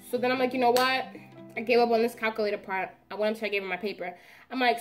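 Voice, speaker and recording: A young woman recounts a story in a casual vlog. Her voice sits a little high, and she tells it with lively drama and slangy asides. Soft music plays faintly behind her. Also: normal speed, long pauses. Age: young adult. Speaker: vlogger.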